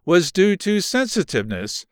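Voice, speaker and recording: Expressive male audiobook narrator. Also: high-pitched, moderate pace, smooth, dry recording, clean studio sound. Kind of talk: scripted narration.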